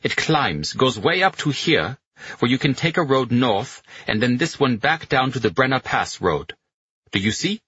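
A man reading the part of a commanding German army general, brisk and giving directions. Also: medium pitch, big pitch swings, a bit bright, husky, no echo, highs cut off, pitched above the performer's own voice. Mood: directive.

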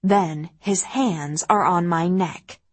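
Slow, husky woman narrating coldly. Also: on the low side. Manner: cold, cutting, controlled. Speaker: audiobook narrator. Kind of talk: first-person audiobook narration.

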